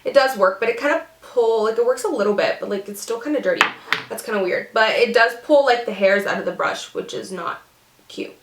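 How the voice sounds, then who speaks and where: A woman's voice: a little high, a little fast, slight background noise. Chatty young woman, echoey room. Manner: chatty, bubbly, heavy use of "like" and "seriously". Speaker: beauty vlogger. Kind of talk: casual get-ready chat.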